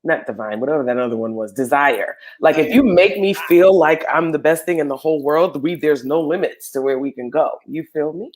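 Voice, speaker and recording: A woman's voice: deep voice, fairly quick, hardly any pauses, a little mellow. A woman co-hosting a casual live chat show, blunt, swearing and laughing as she talks. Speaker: podcast co-host.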